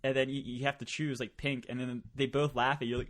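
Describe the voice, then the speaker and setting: A podcast host with a mid-range voice talks briskly, barely pausing. He tells stories in casual chat, swearing often and laughing along the way, animated and profane.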